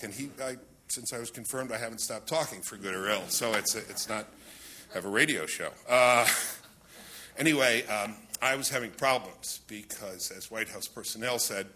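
A man's voice: fairly low pitch, normal speed, sharp tone, slight background noise. A man in his sixties on a conference panel, telling anecdotes with wry, self-deprecating humor and the odd chuckle. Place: conference roundtable.

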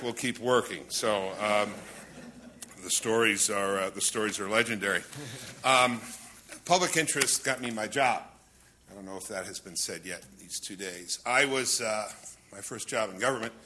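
A man's voice: on the low side, pushed and bright. A man in his sixties on a conference panel, telling anecdotes with wry, self-deprecating humor and the odd chuckle. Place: conference roundtable.

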